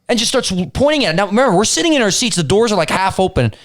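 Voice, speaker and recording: Animated young man telling a story. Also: high-pitched, fast talker, hardly any pauses. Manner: animated storyteller, acts out quoted yelling. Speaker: podcast co-host. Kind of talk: casual storytelling chat.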